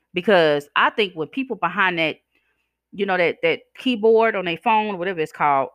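Hosting a podcast, a woman with a lowish, fairly bright voice rants casually, blunt, sassy and profane, with a slight slur from chewing gum. She calls her listeners "y'all" and "child," and the studio-quality audio carries no room sound.

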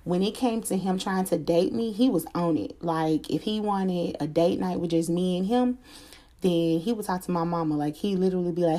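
A woman chatting to her viewers in a loose storytime style, candid and full of slang, with a warm, mellow tone. Her voice sits a little low, and she talks plainly and openly, swearing freely as she goes. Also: normal speed. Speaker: vlogger telling a personal story. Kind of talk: casual storytime chat.

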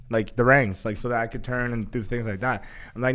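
Excitable young man telling a wild story. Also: medium pitch, a little fast. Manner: excitable, profane, acts out quotes with laughter. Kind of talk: casual chat.

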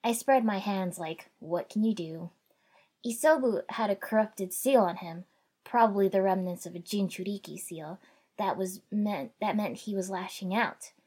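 A woman narrating a first-person fan fiction story in a wry, conversational way, raising her voice for shouted dialogue. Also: mid-range voice, slightly rough. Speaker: audiobook narrator.

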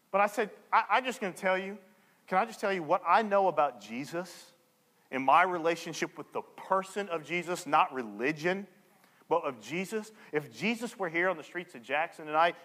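Animated male pastor in a reverberant hall. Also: a little high. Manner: animated storyteller acting out dialogue. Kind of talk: sermon with storytelling.

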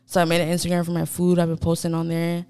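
A woman talking easily among friends, dropping slang and fillers as she goes. Her voice is smooth and clear and sits a little low. She keeps a laid-back, chatty tone. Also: quick pace. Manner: relaxed, slangy, lots of filler likes. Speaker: podcast co-host. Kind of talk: casual chat.

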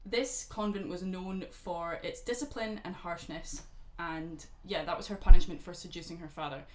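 A woman's voice: lowish voice, fairly even intonation, normal speed, reverberant, slight background noise. A woman casually telling a grim true story to a friend, sarcastic and swearing, sipping gin as she goes. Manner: sarcastic, swearing, dark humor. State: drinking gin. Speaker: podcast co-host telling a true crime story.

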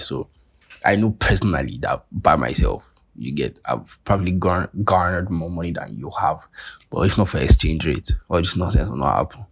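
A young man with a Nigerian accent rants on his podcast, profane and sarcastic. His voice sits very low with a gravelly fry, and it comes through husky. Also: lively intonation, moderate pace. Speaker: podcast host. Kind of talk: casual monologue.

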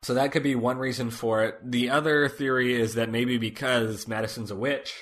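A man co-hosting a casual podcast, recapping a TV episode in a relaxed way, with lots of fillers. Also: medium pitch, moderate pace. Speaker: podcast co-host.

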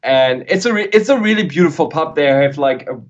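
A man's voice: a little high, expressive, a little fast, dull audio. German man in joking casual chat. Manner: jokey, restarts phrases often. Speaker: guest musician.

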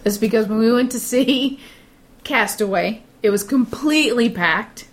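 A woman co-hosting a casual podcast chat, an animated storyteller full of quick asides. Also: on the high side. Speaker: podcast co-host.

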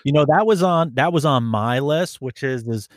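His medium-pitched voice is expressive as he swaps profane stories in casual chat. He's a police officer who mimics the people he deals with using quick put-on voices.

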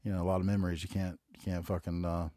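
Deep-voiced profane Southern man rambling. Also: flat delivery, rapid-fire, dark tone, no echo, clean studio sound. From North Carolina. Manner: rambling, profane, laid-back storytelling. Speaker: podcast host. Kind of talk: casual solo podcast monologue.

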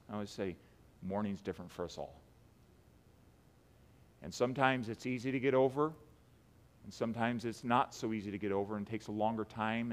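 A man preaching a sermon as pastor, swinging between hushed and loud emphatic delivery, with frequent restarts. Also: fairly low pitch. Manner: repeats words, many restarts.

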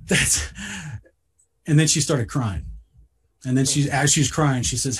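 A man telling a personal story in a casual podcast talk, earnest and halting, often repeating words as he starts a sentence. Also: mid-range voice, husky.

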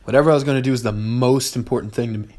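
Young male podcast host, casual and profane, rambling philosophical riff, average pitch. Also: steady tone, very fast, darkish tone. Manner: rambling, heavy swearing, bursts of exasperation.

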